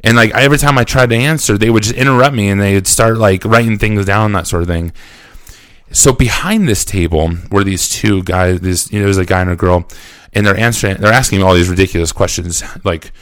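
A man recounting a personal story in a lively way, often acting out what people said to him. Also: fairly low pitch, brisk, clean tone, dry recording, clean studio sound. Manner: animated storytelling, acting out quotes; frequent fillers and restarts. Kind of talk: personal anecdote.

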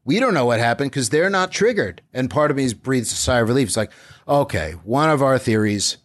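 A man's voice: mid-range voice, very animated, fast. A man hosting a podcast, recapping an episode in casual chat and dropping into silly voices. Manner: playful, slips into silly voices while retelling scenes.

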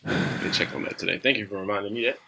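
A man in casual chat, quick to react and jump in. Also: on the low side, vocal fry, pushed and bright.

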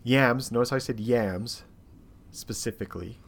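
A man co-hosting a podcast, telling a story in casual, animated, exasperated bursts full of swearing. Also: medium pitch, a little slow, gravelly. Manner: animated, profane, exasperated retelling. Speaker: podcast co-host. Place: seated in a podcast studio chair.

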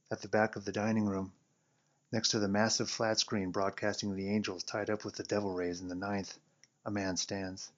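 Man, lowish voice, wry first-person story reader, muffled lo-fi recording. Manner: wry, sardonic narration. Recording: dull lo-fi recording.

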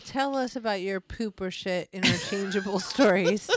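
A woman's voice: mid-range voice, moderate pace, slight background noise. A young woman from California co-hosting a podcast in casual chat. She laughs often and pokes fun at herself. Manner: laughs often, self-mocking, jokey. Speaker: podcast co-host.

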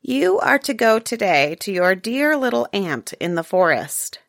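A woman's voice: mid-range voice, big pitch swings, measured pace, vocal fry, a bit bright, dry recording, clean studio sound, heavily acted. A woman voicing a cruel bony stepmother in a fairy tale, snapping out commands. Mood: harsh.

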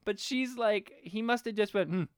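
A high-voiced man co-hosts a podcast, chatting casually about a movie at a moderate pace and animatedly acting out its lines with plenty of swearing. His tone is clean, and the studio-quality recording has no room sound.

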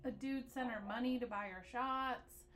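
A woman's voice: a little high, steady tone, moderate pace. Teasing middle-aged woman co-host. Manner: teasing, wry storytelling. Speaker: podcast co-host. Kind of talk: casual chat.

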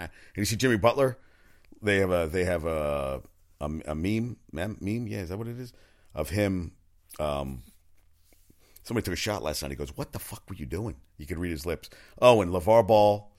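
A man riffing through sports news in a casual, rambling, profane monologue with frequent restarts. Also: low voice. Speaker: sports talk commentator.

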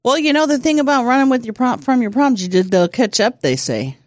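A woman with an animated, swooping voice, teasing and laughing through a casual podcast chat. The sound is dry and close. She reacts quickly and lightly. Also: a little high, dry recording. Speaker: podcast co-host.

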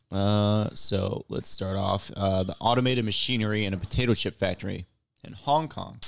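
A man with a bright, lively edge to his voice reads a news item aloud in a casual comedy chat. His pitch sits a little low, and he slips into giggles easily. He talks at a desk mic but keeps leaning away from it. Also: creaky. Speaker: co-host. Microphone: desk mic, drifts away from it.

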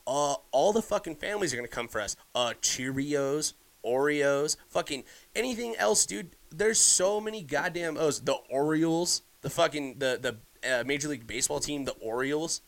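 Heated and casual, a young podcast host rants on his own show in a mid-range, pushed, bright voice. Profanity flows nonstop, and he frequently starts sentences over.

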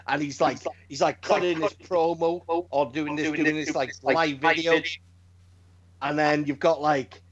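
A man's voice: on the high side, steady tone, measured pace, highs cut off. A man on a podcast, chatting casually and telling stories in a rambling way, swearing and restarting his sentences often. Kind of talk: casual chat.

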